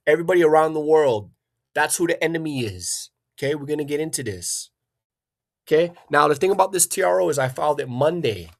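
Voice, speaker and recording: A man hosting a livestream, ranting in an agitated, profane way and often repeating himself. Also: a little high. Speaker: livestream host. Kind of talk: angry livestream rant.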